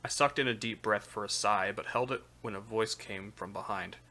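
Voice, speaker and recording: 明るい声で小説を朗読する男性. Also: male voice, lowish voice, moderate pace. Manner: steady narration with occasional slips. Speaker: streamer reading aloud. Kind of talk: live reading of a light novel.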